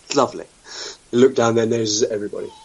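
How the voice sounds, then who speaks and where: A man's voice: medium pitch, steady tone, very fast, breathy edge, low-quality recording. A man from the UK hosting an internet radio talk show, wry and blunt, throwing out sweeping opinions with the odd swear word. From United Kingdom.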